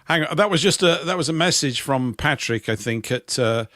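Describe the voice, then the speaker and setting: A man's voice: fairly high pitch, lively intonation, moderate pace, fairly bright tone, no echo. A man in his fifties with a Yorkshire accent, co-hosting a casual radio chat and telling rambling anecdotes with dry, self-mocking humour. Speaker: co-host.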